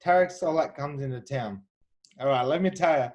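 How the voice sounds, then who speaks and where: A man's voice: medium pitch, moderate pace, a little mellow, dull audio. A man, a kickboxer, telling fight stories in an interview, confident and chatty with many fillers and restarts. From Australia. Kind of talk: animated storytelling interview.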